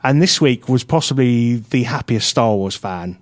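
A man's voice: mid-range voice, moderate pace, no echo, clean studio sound. Jokey man co-hosting a radio show. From England. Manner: animated, jokey, laughs often. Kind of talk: casual radio banter.

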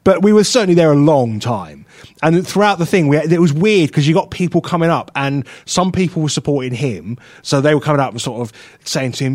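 A man's voice: fairly high pitch, a little fast, dry recording, studio quality. A man co-hosting a radio show, telling a story in a chatty way and laughing often as he talks. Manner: animated storyteller, laughs often, puts on voices in anecdotes. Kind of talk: casual radio chat. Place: radio studio.

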